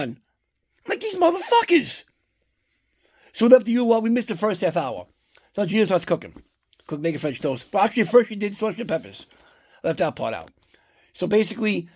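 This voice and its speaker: A man from New Jersey telling a long, rambling story about his holiday routine, swearing often and getting worked up. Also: high voice. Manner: rambling, profane, animated when annoyed. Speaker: collector vlogger. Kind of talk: casual chat, storytelling.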